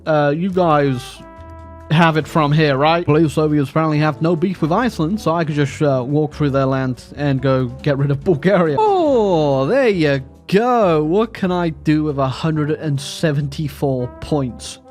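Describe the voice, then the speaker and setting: A man's voice: on the high side, moderate pace. A man giving casual, joking commentary over his own strategy game, full of fillers and dry asides. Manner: wry, joking, lots of fillers. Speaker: gaming YouTuber. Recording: faint background music.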